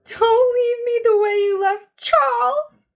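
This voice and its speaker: A woman voicing a frightened young girl in pain who shouts and pleads loudly. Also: very high voice, slow pace, lo-fi sound, voice pushed up, full character voice. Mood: terrified.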